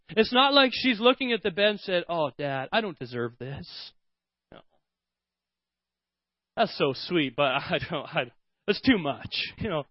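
A man in his thirties preaching a sermon, telling family stories with lively acted-out voices. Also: high voice, no room sound. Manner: animated storytelling, acts out his kids' voices. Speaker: pastor. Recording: dull, slightly lo-fi dry sound.

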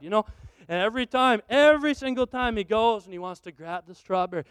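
A man preaching a sermon, telling a family story in an animated way and acting out its dialogue. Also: high voice, quick pace, clear, resonant tone, dry recording. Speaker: pastor.

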